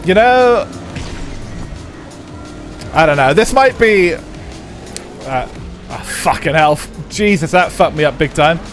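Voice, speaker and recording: Expressive and on the high side, a young man takes things slowly, with long pauses, as he streams a racing game live over faint music. He chats casually with viewers, rambling and swearing with many fillers.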